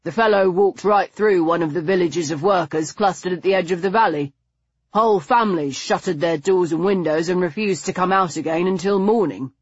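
Low husky woman narrating an audiobook. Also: fairly quick, no echo, lo-fi sound. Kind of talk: audiobook narration of a period mystery.

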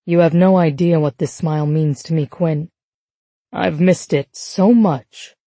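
A devoted husband with a dry, teasing streak, as a woman narrator lowers her voice for him. His lines come slower and deeper than the narration, mellow and close to a dry mic. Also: steady tone, no echo. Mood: tender. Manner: dry, playful fibbing. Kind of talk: audiobook narration.

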